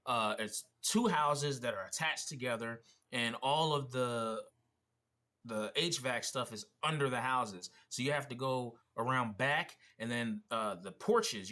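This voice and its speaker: A man's voice: medium pitch, bright, forceful tone. A man from Pennsylvania hosting a casual reaction vlog, telling a story in loose slangy speech with frequent swearing. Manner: casual slangy, swears, says bro often. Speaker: vlog host reacting to a video.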